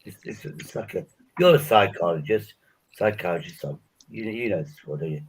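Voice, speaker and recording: A man's voice: on the low side, moderate pace, slightly rough, rough recording. A man in a casual group chat, rambling through jokes and wild hypotheticals with plenty of swearing.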